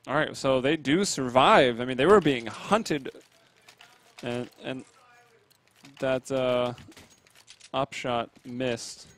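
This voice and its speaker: A man calling a competitive shooter match from home in a casual, chatty way, with sudden excited bursts at the big plays. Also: mid-range voice, takes it slowly, pauses often. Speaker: esports caster. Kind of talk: play-by-play game commentary.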